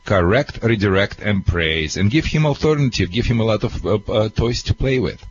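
A man who is not a native English speaker gives earnest, halting advice to a caller on a call-in radio show. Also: lowish voice, lively intonation, lo-fi sound, a little hiss or hum. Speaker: dog trainer.

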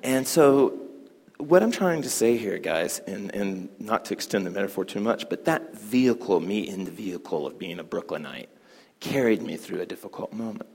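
A man's voice: on the low side, moderate pace, gravelly, breathy edge. Man, hoop instructor, rambling storyteller, laughs easily, voice ringing in a reverberant hall. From Southern United States. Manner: chatty, animated, laughs a lot. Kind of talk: class talk with storytelling.

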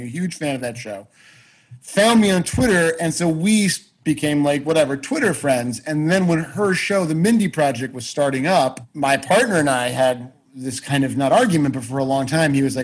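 Casual guest: husky male voice, rambling and self-deprecating, swears a lot. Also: on the high side, low-quality recording. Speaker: guest, actor and writer. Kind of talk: casual storytelling chat.

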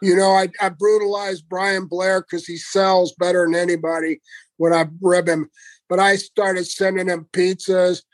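A man's voice: high voice, little pitch movement, normal speed, no echo. A man casually telling prank stories, chuckling mischievously as he goes. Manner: laughing, mischievous storyteller.

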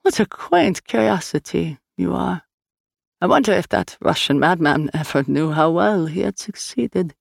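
A woman voicing a sly, coy male villain trader who draws out his words slowly and mockingly. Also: fairly low pitch, animated, vocal fry, no room sound, clean studio sound, heavily acted. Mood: purring.

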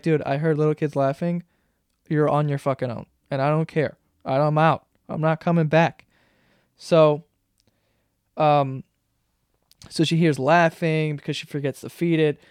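A young man hosting a solo podcast, retelling a story in a rambling, profane, animated way. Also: on the high side, no echo, clean studio sound. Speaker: podcast host. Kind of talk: solo comedic rant.

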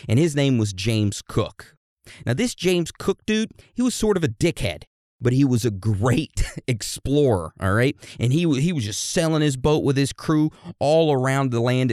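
A man's voice: medium pitch, a little mellow, no echo, clean studio sound. A man telling history as a crude, irreverent comedy lesson, full of slang and swearing. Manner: addresses listeners like a class. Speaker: storyteller explaining history.

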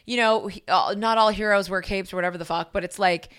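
Woman co-host, bright, smooth voice, wry and opinionated casual chat. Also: medium pitch, fairly even intonation, fast talker.

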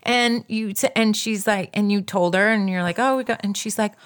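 A woman casually telling a story as a podcast co-host, animated and acting out quotes with big jumps in pitch. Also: normal speed.

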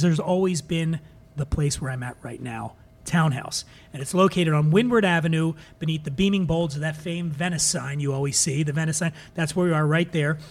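A man from Philadelphia hosting a drinks podcast, jokey and profane as he reviews bottles. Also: a little high. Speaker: podcast host. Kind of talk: casual podcast monologue.

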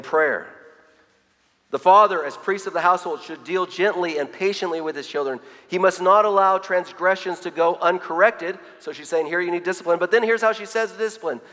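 A middle-aged man with a fairly bright, higher-pitched voice preaches an earnest sermon, often repeating his words as he reads quotes aloud. The recording carries long hall reverb.

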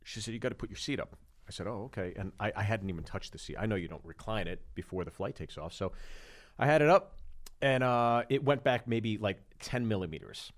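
A man's voice: on the low side, fairly quick. A man co-hosting a podcast, telling stories casually and acting out the quoted lines, with plenty of swearing. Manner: animated storyteller, acts out quoted lines, swears freely. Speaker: podcast co-host. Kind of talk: casual storytelling chat.

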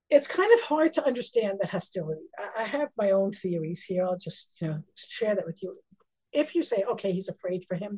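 A woman teaching a text-study lecture, moving between close reading and lively acted-out dialogue. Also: slightly rough. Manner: lively, acts out biblical dialogue with sudden high-pitched bursts. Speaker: Torah teacher.

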